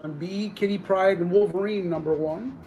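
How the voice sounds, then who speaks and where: A man with a fairly high voice calls out comic books and prices in a loose, joking live-auction patter. He sounds congested from a sinus infection and keeps clearing his throat. Faint guitar music plays behind him. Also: normal speed, warm tone, lo-fi sound. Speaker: auction seller.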